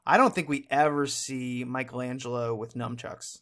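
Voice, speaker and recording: A man's voice: fairly high pitch, moderate pace, hardly any pauses, fairly bright tone. A man in his thirties co-hosting a podcast, chatting casually and a bit ramblingly while reviewing a movie. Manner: chatty, rambling, self-deprecating. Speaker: podcast co-host.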